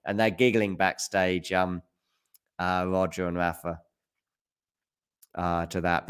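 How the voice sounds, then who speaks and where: A man giving casual live tennis commentary on a stream, chatting with viewers by name and getting loud at big points. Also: deep voice. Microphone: handheld mic at times.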